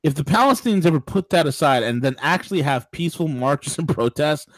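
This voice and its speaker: A man hosting a political talk radio show, ranting in an animated way, with mock voices and laughter. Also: fairly high pitch, a little fast, no echo.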